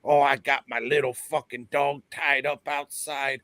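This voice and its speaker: A man voicing an angry, foul-mouthed British gambler who shouts and curses. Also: mid-range voice, little pitch movement, unhurried, dry recording, pitched above the performer's own voice. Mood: furious. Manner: shouting, cursing, raging.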